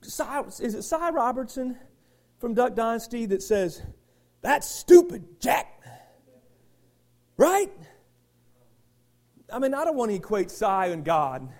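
Brief: middle-aged male pastor, high lively voice, fiery sermon with chatty asides. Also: measured pace, long pauses. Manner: animated preaching, swings from shouting to quiet asides with the congregation.

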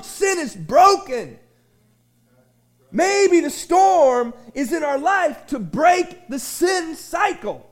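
A very high-pitched man preaching. He rambles through folksy stories full of restarts, then rises into shouted refrains. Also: animated, slow pace. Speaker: pastor. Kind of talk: sermon. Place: small church sanctuary.

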